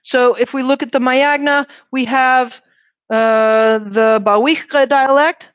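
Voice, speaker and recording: In a dull, dry classroom recording, a woman lectures a university class a little slowly, her voice slightly high. She's lively, often saying "right?" and asking the students questions.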